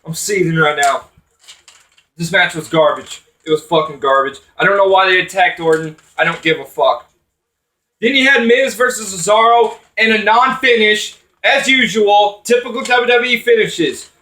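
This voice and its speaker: A man's voice: high-pitched, normal speed, sharp tone, echoey room, distant mic. A man ranting angrily about wrestling, swearing often and rambling with restarts. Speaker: wrestling commentator vlogger. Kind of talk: angry profane rant.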